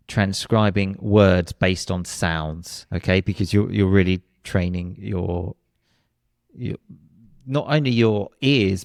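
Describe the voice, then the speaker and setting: A man's voice: fairly low pitch, vocal fry, dry recording, clean studio sound. A man, an English pronunciation teacher, explaining his course in an interview and demonstrating word stress by repeating words, with frequent restarts.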